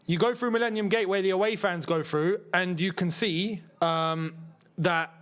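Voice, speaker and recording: A young man hosting a football watchalong stream, talking in a casual, disbelieving way, repeating himself and dropping to a mutter. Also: moderate pace. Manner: incredulous, repeats himself, swings between excited and muttering low. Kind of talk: casual live-stream chat.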